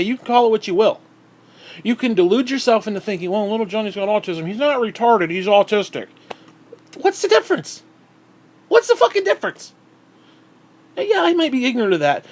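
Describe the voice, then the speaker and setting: A man vlogging in a heated, sarcastic rant, swearing constantly. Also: extremely high pitch. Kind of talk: profane ranting monologue.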